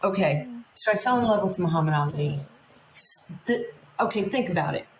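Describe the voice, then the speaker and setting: A woman's voice: on the low side, animated, normal speed, a little hiss or hum. A woman from Queens, New York, a guest telling her life story candidly and acting out the lines people said to her. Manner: vivid storyteller, acts out quoted lines. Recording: roomy echo.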